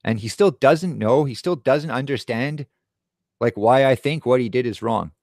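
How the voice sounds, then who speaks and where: A man's voice: mid-range voice, moderate pace, darkish tone, no room sound, clean studio sound. A young man hosting a show, telling a personal story in a heated, profane casual rant. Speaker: show host. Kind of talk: casual live-stream rant.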